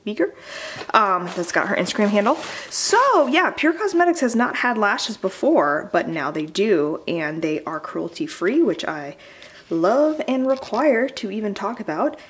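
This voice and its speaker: A woman's voice: mid-range voice, big pitch swings, a little slow, fairly bright tone. A woman beauty vlogger and makeup artist, chatting casually and enthusiastically as she unboxes products, with plenty of fillers.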